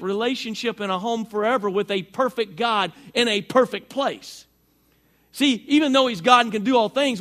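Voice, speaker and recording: High-voiced pastor with an allergy-strained voice. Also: male voice, a bit bright. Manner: folksy, chatty, talks with the congregation. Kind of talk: sermon.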